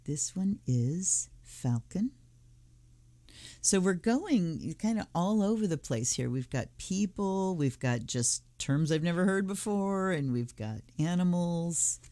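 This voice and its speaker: A woman's voice: on the low side, expressive, slow pace, warm tone, no echo. A woman hosting a tarot channel, thinking aloud in a casual, musing way as she unboxes and looks through a deck. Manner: musing, thinking aloud while flipping cards. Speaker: tarot reader and channel host.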